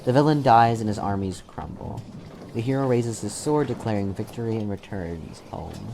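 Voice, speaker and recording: A man's voice: lowish voice, normal speed, vocal fry, dark tone, slight background noise. A man narrating a tabletop game as game master, laid-back, with many fillers and restarts.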